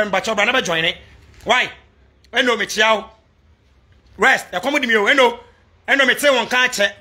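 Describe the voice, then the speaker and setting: A Ghanaian man delivering a fiery vlog rant to supporters, switching between Twi and English and breaking into shouts. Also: very high voice. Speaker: political commentator addressing supporters abroad.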